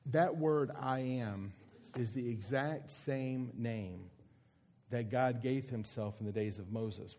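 A man preaching an earnest, emphatic sermon with dramatic pauses. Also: medium pitch, warm tone. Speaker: pastor.

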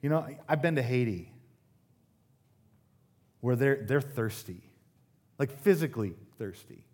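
A man's voice: mid-range voice, lively intonation, measured pace, a little mellow. Male Midwestern pastor, conversational sermon delivery with humorous asides and emphatic peaks. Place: church service.

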